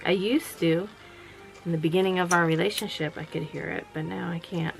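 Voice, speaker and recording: A woman's voice: on the low side, steady tone, a little fast, vocal fry, over loud music, low-quality recording. A tired woman chatting casually and rambling at home late at night, with lots of fillers and restarts. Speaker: vlogger running a small sewing business. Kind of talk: casual chat. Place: home workroom.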